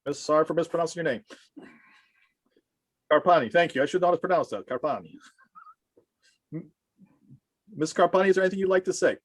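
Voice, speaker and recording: Halting man chairing a meeting. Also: on the high side, no echo. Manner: halting, informal, many fillers. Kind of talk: chairing a video-call meeting.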